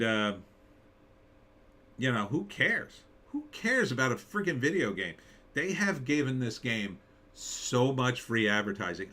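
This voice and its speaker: A middle-aged man hosting a casual live stream, ranting and mimicking critics in squeaky voices. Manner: animated, mocking impressions in high voices. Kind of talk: casual political commentary.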